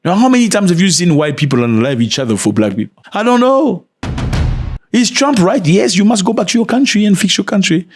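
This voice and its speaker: A man hosting an opinionated commentary channel, blunt and preachy, swinging between loud outbursts and low mutters. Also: sing-song, fast talker, hardly any pauses, husky, soft background music.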